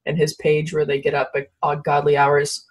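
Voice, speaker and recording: A woman's voice: low voice, completely flat delivery, normal speed, slightly rough. A woman from Canada hosting a casual podcast interview, chatty and laughing often, with a sleepy early-morning voice. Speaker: podcast host. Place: home studio in Ottawa.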